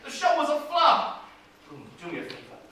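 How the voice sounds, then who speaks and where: A man's voice: very high voice, huge pitch swings, a little fast, pushed and bright, heavily acted. A man playing a brash, scheming, washed-up male Broadway producer, pushy and theatrical in stage comedy style. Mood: wheedling. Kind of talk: stage musical comedy acting. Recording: echoey stage sound from far off, faint noise.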